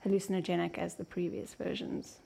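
A woman's voice: on the low side, little pitch movement, brisk, creaky, dark tone. A woman co-hosting a casual podcast, teasing her partner and laughing often. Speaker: podcast co-host. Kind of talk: casual chat.

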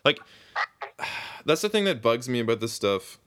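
A man's voice: mid-range voice, sing-song, unhurried, fairly bright tone. A man co-hosting a podcast in casual chat, rambling, swearing often and laughing mid-sentence. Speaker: podcast co-host.

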